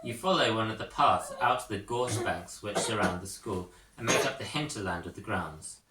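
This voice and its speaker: A man narrating a second-person storybook in a measured way, with occasional coughs. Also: on the low side, animated, heavy background noise. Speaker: audiobook narrator. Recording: roomy echo, mic at a distance.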